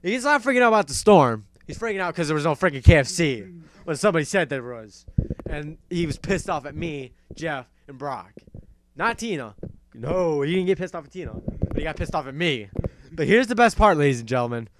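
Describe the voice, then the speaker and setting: A man hosting a casual talk show, telling a story in an animated, profane way and laughing often. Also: on the high side, a little fast, slight background noise. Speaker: host.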